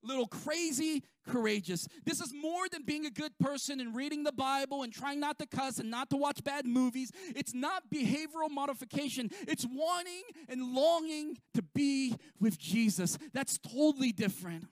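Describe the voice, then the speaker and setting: A man delivers a sermon in a very high voice, pressing his points with emphatic repetition and sudden swings in loudness. The sound is dry and close, with no room around him. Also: moderate pace, hardly any pauses, no room sound. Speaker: pastor.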